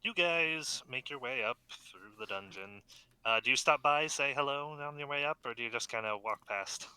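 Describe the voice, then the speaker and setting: A man narrating as game master over a video call, unhurried and halting with many fillers. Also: medium pitch, bright, forceful tone, clean tone.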